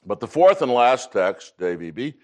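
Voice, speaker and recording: A man in his sixties teaching a Bible class, emphatic, reading scripture aloud and often clearing his throat. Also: mid-range voice, very animated, moderate pace, darkish tone.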